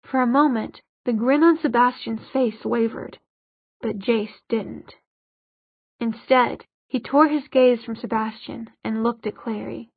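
Female audiobook narrator, slightly high and husky, close dry mic, dull lo-fi audio. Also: a little slow, dry recording.

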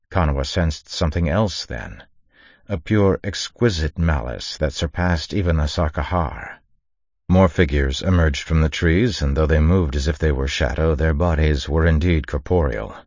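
A man with an extremely deep, low voice gives a measured, dramatic audiobook narration. The recording is dry and close, with a slightly dull, muffled top end. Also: dry recording. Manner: measured dramatic reading, raises voice for shouted orders. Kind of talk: scripted narration.

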